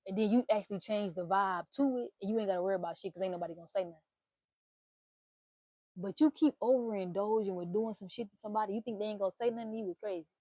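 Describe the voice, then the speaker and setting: Animated, blunt woman with a mellow voice. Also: mid-range voice, quick pace, dry recording. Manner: animated, swearing, playful exclamations. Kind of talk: casual spiritual reading monologue.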